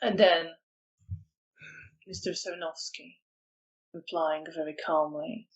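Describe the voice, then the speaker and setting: A storyteller narrating a vampire tabletop game in slow, descriptive lines with fillers. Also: mid-range voice, steady tone, dull audio.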